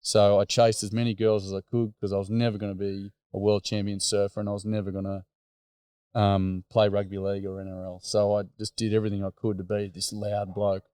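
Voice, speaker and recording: A man's voice: on the low side, flat delivery, fairly quick, dark tone, smooth, no room sound. A middle-aged man with an Australian accent telling earnest, rambling personal stories from his workshops with boys. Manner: earnest, rambling, lots of "um" and "mate". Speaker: speaker running boys' workshops. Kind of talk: personal storytelling talk.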